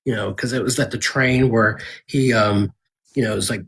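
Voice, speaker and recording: A man being interviewed as an author, talking in a relaxed, reflective way with many restarts and fillers. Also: on the low side, normal speed, slightly rough. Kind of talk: casual live interview chat.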